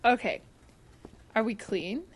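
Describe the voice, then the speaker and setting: High-pitched young woman streaming a horror game, jumpy, swears a lot, chats with viewers. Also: slow pace, very noisy. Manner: jumpy, swears, shrieks and laughs when startled, chats to viewers. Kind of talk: live game-stream chat.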